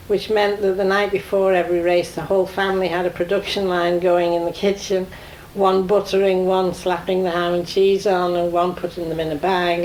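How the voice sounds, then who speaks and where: Flat-voiced woman recalling childhood. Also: fairly low pitch, a little hiss or hum, rough recording. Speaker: interviewee. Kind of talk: archive oral-history recollection.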